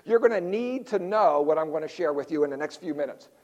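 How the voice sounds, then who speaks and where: A male pastor from South Philadelphia, preaching a sermon with jokes and stories and throwing quick asides to the congregation. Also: fairly high pitch, dull audio. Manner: animated storyteller, quick asides to the crowd.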